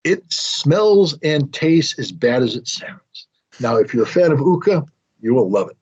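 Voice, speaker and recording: American man, middle-aged, casual storyteller, husky voice, muffled recording. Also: mid-range voice, lively intonation, unhurried, darkish tone. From United States. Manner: anecdotal, self-mocking, acts out quotes. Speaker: guest telling a story. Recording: dull lo-fi audio.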